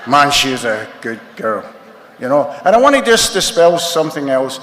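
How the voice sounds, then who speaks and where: A man's voice: mid-range voice, very animated, normal speed, fairly bright tone. A Scottish man in his sixties, a recovery meeting speaker telling a wry, self-mocking story to a crowd in a large hall. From Scotland. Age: 60s. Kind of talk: comic storytelling talk to a crowd. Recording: echoey hall, faint noise.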